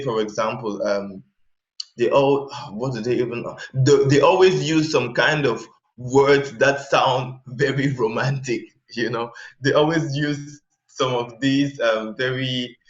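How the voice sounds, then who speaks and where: Guy chatting in an interview, stops and restarts a lot looking for examples, roomy dull recording. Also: medium pitch. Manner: halting, searches for examples mid-sentence. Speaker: interview guest, language learner. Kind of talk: casual interview chat. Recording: echoey, dull sound.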